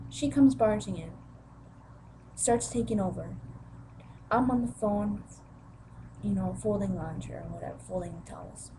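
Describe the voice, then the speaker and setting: In a personal storytelling vlog, a young woman with a mid-range voice emotionally retells a family conflict, acting out the voices she quotes. Background noise can be heard.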